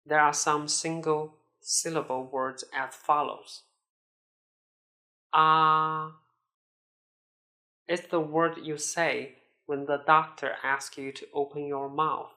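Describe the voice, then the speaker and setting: A woman teaching a pronunciation lesson, modelling syllables with careful, deliberate enunciation. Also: deep voice, level tone, a bit bright. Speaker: Mandarin teacher.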